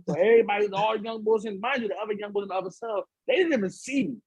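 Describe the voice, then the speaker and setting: A man with a husky, slightly raised voice tells a long story as a podcast guest, slangy and animated, jumping into other people's voices. The sound is dry and close on the mic. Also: high-pitched, rapid-fire, few pauses, dry recording, rough recording. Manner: slangy, repeats "so I'm like", acts out voices. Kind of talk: animated storytelling in casual conversation. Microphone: studio podcast mic.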